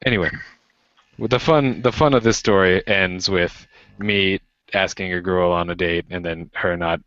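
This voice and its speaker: Young american guy telling a bar story on a stream, really deep voice, does the voices, kinda muffled audio. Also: moderate pace, no room sound. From United States. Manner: animated, acts out quoted voices with pitch jumps. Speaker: podcast co-host. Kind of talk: casual storytelling chat.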